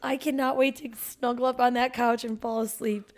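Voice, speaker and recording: A woman in her thirties chats with her partner in casual podcast talk. She is animated and swears freely, laughing often and slipping into acted-out quotes. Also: fairly high pitch, moderate pace. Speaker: podcast co-host. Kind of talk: casual chat.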